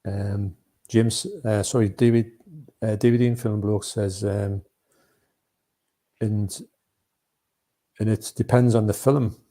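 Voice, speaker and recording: A man's voice: lowish voice, little pitch movement, slow pace, pauses often, warm tone. A man co-hosting a live movie chat, rambling and chatty, reading out viewer comments. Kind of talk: casual live-stream chat.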